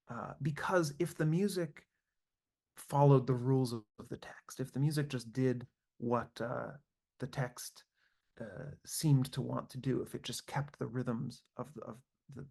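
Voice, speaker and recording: Male composer, online lecture, gravelly vocal fry, mid-range pitch, thoughtful and searching, computer mic. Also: a little mellow. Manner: thoughtful, searching, with frequent fillers and restarts. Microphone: computer mic on a video call.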